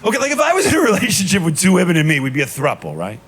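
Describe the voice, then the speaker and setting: A man in his thirties doing a stand-up comedy set on a club stage, telling stories in a deadpan way with punchy asides. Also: high voice, rapid-fire, slightly rough. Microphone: handheld stage mic. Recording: live club recording with noise. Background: audience laughter.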